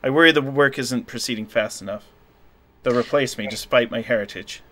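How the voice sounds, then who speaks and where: A man's voice: mid-range voice, brisk, sharp tone, close to an everyday voice. Guy doing a jumpy sleepless lady scientist, on edge, mid voice. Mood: fearful. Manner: tense, worried, guarded. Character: paranoid, sleepless woman scientist.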